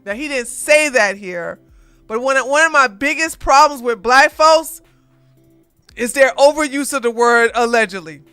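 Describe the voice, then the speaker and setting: A woman streamer chats through a casual commentary stream with a bright, sharp voice. Her tone is crisp and clear, and the sound is dry and close. She laughs often and gets animated as she reacts. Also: high-pitched, moderate pace, no room sound, soft background music. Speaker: livestream host.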